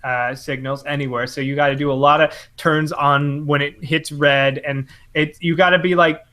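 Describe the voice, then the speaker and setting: A man with a bright, slightly high voice chats casually on a podcast. He rambles and restarts, joking at his own expense and swearing often. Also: fairly even intonation, moderate pace. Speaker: podcast host. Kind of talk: casual chat.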